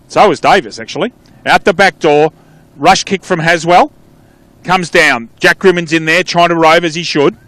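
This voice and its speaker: A man with an Australian accent calling a local football match live, chatty, with quick calls that trail off into asides. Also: sits high, a bit bright, no room sound. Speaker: play-by-play commentator.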